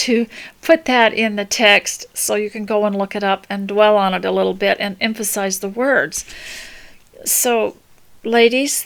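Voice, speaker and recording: An older woman speaks in a gentle, meandering way, offering homemaking and faith advice to listeners. Her voice sits at an ordinary middle pitch, and she often pauses, restarts, and fills gaps with soft ums as she talks. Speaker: homemaking podcast host. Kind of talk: casual spoken advice talk.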